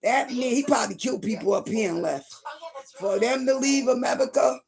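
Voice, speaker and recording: A middle-aged woman gossiping on a livestream in a rambling way, now and then breaking into loud outbursts. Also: a little high, lively intonation, brisk, creaky, faint music behind.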